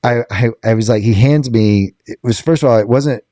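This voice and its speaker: A man's voice: mid-range voice, normal speed, mellow, no room sound, clean studio sound. A man from South Carolina, co-hosting a podcast and telling joking, self-deprecating stories in casual chat. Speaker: podcast co-host.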